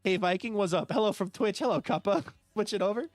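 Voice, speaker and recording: A man's voice: high-pitched, brisk, dry recording, soft background music. A man streaming a building game live, chatting casually and reading out and thanking viewers by name. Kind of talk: live gameplay stream chat.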